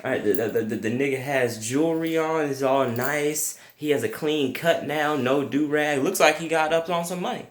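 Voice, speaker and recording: A young man telling a comic story with crude language, jumping to high yelps when quoting himself. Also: normal speed, hardly any pauses, roomy sound. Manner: animated, profane, jumps to high yelps for quoted reactions. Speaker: comedic storyteller.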